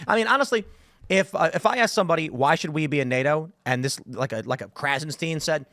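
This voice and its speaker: A man in his thirties rattles through political talk at a very fast clip. He tells his stories with animation, slipping into quick impressions of other people. His voice sits a little on the high side, and the studio sound is close and dry. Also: fairly bright tone, no room sound. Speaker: podcast host. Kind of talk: casual political talk show chat.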